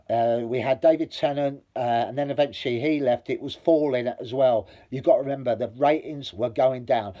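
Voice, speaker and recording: A man talks straight to camera in a blunt, rambling monologue, swearing freely and building heat as he argues. His voice sits at an ordinary middle pitch and has a dark, mellow tone. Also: dull audio. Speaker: vlogger. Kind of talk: opinionated review monologue.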